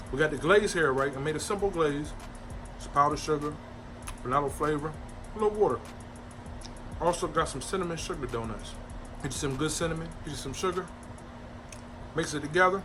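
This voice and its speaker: Upbeat man hosting a cooking vlog. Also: a little high. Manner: folksy, enthusiastic, talks straight to viewers. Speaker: cooking channel host.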